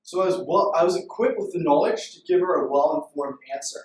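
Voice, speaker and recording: A young man from Canada giving a playful, self-deprecating story-driven pitch presentation to a room. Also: fast, a little mellow, distant mic. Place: room full of people. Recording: echoey room recorded from afar.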